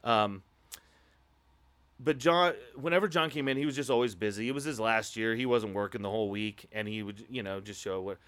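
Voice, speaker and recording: A man from Iowa telling a work story casually, animated and swearing, his voice jumping high when he retells his outburst. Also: a little fast. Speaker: improv show performer telling a story.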